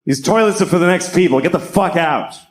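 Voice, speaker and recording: A middle-aged man doing a stand-up comedy set, deadpan and profane, building to shouted rants. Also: high-pitched, brisk. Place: comedy stage before a live audience.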